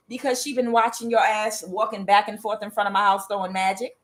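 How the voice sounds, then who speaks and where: A woman's voice: medium pitch, brisk, few pauses, poor audio. A woman giving a casual tarot reading, talking bluntly with profanity and drifting into rambling asides to her cat. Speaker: tarot reader.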